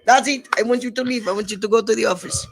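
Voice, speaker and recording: Strict schoolteacher woman, voiced by a man, shrill, loud and scolding. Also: fast talker, vocal fry. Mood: stern. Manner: stern, scolding. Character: strict angry female schoolteacher.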